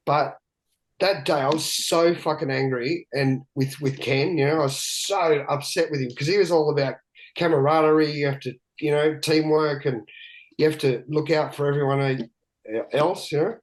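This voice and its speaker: A man's voice: a little high, fairly even intonation, moderate pace, low-quality recording. A man, a guest telling candid stories in a rambling, profane way with many restarts. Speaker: guest, big-wave surfer. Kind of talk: candid storytelling chat.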